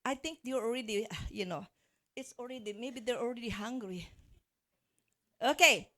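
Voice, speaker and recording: A motivational speaker with a fairly high, sharp voice delivers a live seminar talk to an audience at a moderate pace. Her style is chatty and coaching, she jokes with the crowd, and she often hunts for words and restarts her phrases.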